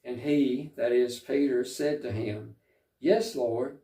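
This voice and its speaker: A man preaching a sermon, reflective and unhurried, pausing often with fillers as he reads and explains scripture. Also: medium pitch, dark tone, echoey room, far from the mic. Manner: slow, reflective, with frequent pauses and fillers.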